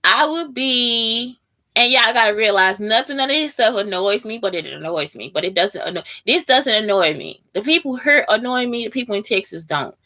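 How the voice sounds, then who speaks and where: Blunt, bright-voiced woman chatting. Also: a little high, lively intonation, moderate pace. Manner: blunt and heavily profane; talks straight to listeners as "y'all". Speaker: host answering question prompts. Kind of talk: casual storytelling chat.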